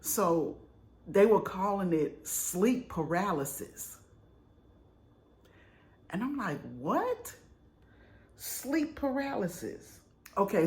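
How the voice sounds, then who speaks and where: Chatty woman telling a story. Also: on the low side. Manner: animated, chatty, dramatic retelling. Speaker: vlogger. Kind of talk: casual storytelling.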